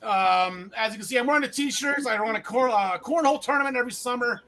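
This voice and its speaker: High, bright-voiced jokey podcast host man. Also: fast, poor audio. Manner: jokey, rambling, self-correcting. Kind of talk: casual wrestling podcast chat.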